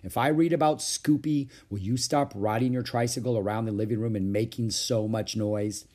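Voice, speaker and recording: A man's voice: medium pitch, fairly even intonation, moderate pace, darkish tone, natural voice. A man voicing an exasperated, responsible older schoolgirl sister, slightly raised and patient but cross.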